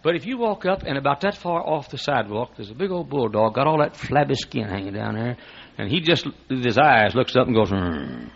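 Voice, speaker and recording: A man preaching a sermon as pastor, animated and laughing, often restarting his sentences, on a dull lo-fi recording. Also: mid-range voice, fairly quick, creaky, slightly rough.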